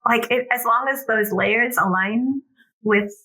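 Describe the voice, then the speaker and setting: Middle-aged female guest coach; bright, lively delivery, acts out dialogue. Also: fairly high pitch, a little slow, rough recording. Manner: animated storyteller acting out family dialogue. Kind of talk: casual interview chat.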